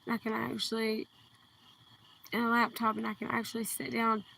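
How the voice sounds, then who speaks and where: A woman with a southern Kentucky accent, chatting on a livestream outdoors at night, speaking slowly and carefully enunciating into a phone. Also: fairly high pitch, monotone, creaky. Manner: slow, deliberately enunciated, soft-spoken. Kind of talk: casual livestream chat. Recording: distant phone mic, faint outdoor hiss.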